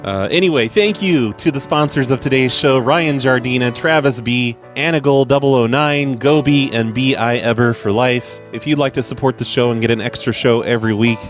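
A man's voice: mid-range voice, moderate pace, hardly any pauses, soft background music. A man who hosts a prank-call podcast, chatting casually and sarcastically. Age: adult with a child. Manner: sarcastic, offhand, joking.

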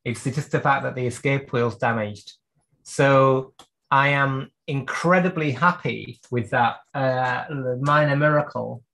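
A man's voice: mid-range voice, a little slow, vocal fry, sharp tone. Man explaining clock repair step by step. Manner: thinks aloud, explains step by step. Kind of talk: live workshop demonstration. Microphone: video call.

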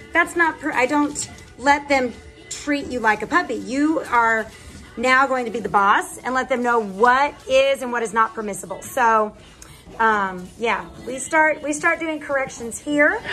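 High-pitched woman breeder, chatty, trips over her words, coos at puppies. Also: a bit bright, rough recording. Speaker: dog breeder. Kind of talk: casual vlog chat. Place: indoor puppy pen.

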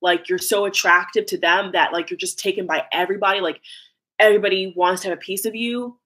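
A woman's voice: mid-range voice, fairly even intonation, fast, a bit bright. Chatty woman tarot reader. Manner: chatty, filler-heavy, breaks into laughs. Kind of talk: casual pick-a-card tarot reading.

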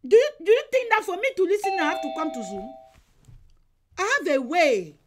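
Woman evangelist, sermon, very high voice, sweeping pitch, emphatic repetition, online call. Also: wildly swooping pitch, brisk, noisy background. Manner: emphatic, repeats phrases, exhorting.

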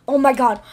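A high-voiced woman talks slowly through a game roleplay at her computer. She stammers, repeats herself and breaks into frantic yelling bursts. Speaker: gameplay roleplayer. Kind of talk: voiced roleplay over gameplay.

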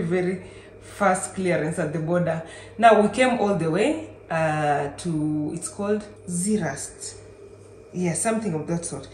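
A young Kenyan woman narrating her travel vlog in a chatty, excitable way. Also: medium pitch, measured pace. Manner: chatty and excitable, with bursts of exclamation. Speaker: travel vlogger. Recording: echoey room with faint noise.

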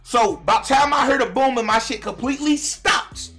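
A young man telling a story straight to his viewers, animated and profane, now and then breaking into shouts. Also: very high-pitched, normal speed, soft background music. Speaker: vlogger telling a personal story. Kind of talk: casual storytime monologue to viewers.

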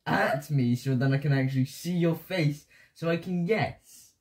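A man's voice: fairly high pitch, a little slow, a little mellow. A young man playing a guessing game with his mother, teasing her and laughing as he bosses her about. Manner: teasing, amused, bossy in play. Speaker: son in family vlog. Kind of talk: casual family game chat.

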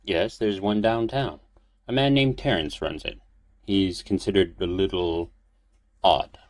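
A man voicing a kindly old priest who speaks in a measured, formal way. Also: deep voice, dry recording. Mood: helpful. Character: old male priest, concerned and polite.

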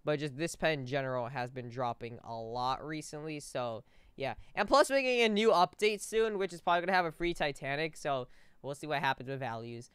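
A man's voice: a little high, lively intonation, a little fast, a bit bright, clean tone, no echo. A man giving casual gameplay commentary as a video host, rambling, tripping over numbers and calling everyone "bro".

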